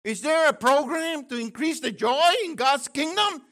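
An older man teaching from the Bible in an excited, exclamatory way, with bursts of shouting. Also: very high-pitched, moderate pace. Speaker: preacher.

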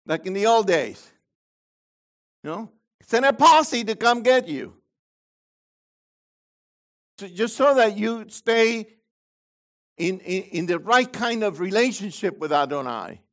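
Male pastor preaching; pitched high, unhurried, punchy loud emphases that drop to quiet asides. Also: lively intonation. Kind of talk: sermon.

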